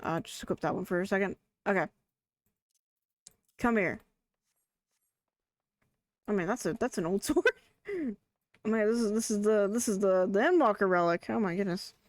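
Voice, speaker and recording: A woman streaming a game live, chatty and excitable, thinking aloud and restarting her sentences. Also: mid-range voice, normal speed, long pauses, no room sound. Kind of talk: casual live gaming commentary.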